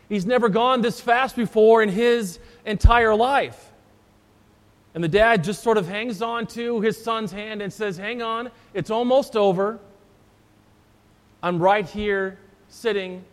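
Male pastor, high voice, conversational storytelling sermon, long church reverb.

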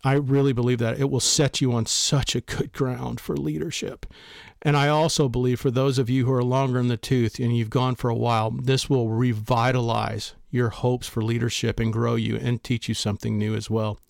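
A man's voice: medium pitch, level tone, normal speed, vocal fry, dry recording, clean studio sound. A man hosting a podcast, giving a blunt, emphatic motivational talk on leadership. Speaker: podcast host and author.

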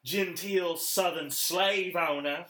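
A man co-hosting a casual comedy chat, riffing in an animated, jokey way, in a roomy-sounding recording. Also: high-pitched, slow pace. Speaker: podcast co-host. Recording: roomy echo.

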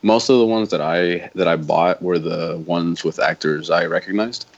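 A podcast co-host talks casually about films in a rambling way, packing his speech with fillers. His low-pitched voice moves at a normal speed, and the lo-fi audio sounds dull.

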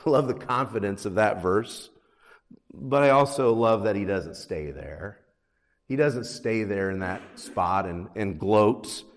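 Pastor preaching in an echoing hall. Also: male voice, a little slow. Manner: earnest, rises in pitch and force on scripture readings. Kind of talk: sermon. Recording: long hall reverb.

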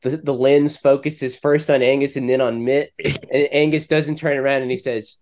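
A man's voice: medium pitch, fairly even intonation, moderate pace, darkish tone. A man co-hosting a podcast, rambling and profane, acting out silly scenes in casual comedic banter. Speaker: podcast co-host. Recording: lo-fi home audio.

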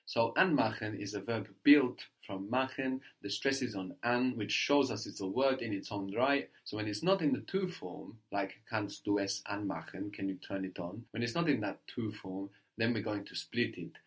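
A man teaching a language lesson, patiently prompting his student and repeating each answer slowly. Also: on the low side.

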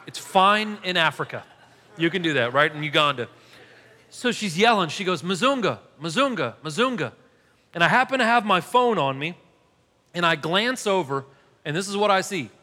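A male pastor in his thirties preaching a sermon, telling a story with animated, self-deprecating humor. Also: sits high, normal speed. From United States. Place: church hall. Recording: long hall reverb.

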